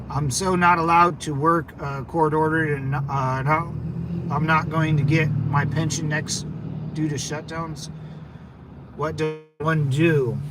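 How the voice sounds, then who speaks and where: A man in his thirties talks in a rambling, profane livestream chat, full of fillers and side tracks. His voice sits high for a man. Loud traffic and road noise from outdoors run behind him the whole time. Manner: loose, profane, digressive talk with frequent fillers. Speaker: channel host, Marine veteran.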